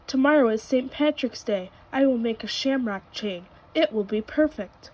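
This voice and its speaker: An eager, cheerful young rabbit, voiced by a woman reading a storybook aloud. He talks brightly and earnestly in a slightly high voice. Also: normal speed, lightly acted, rough recording.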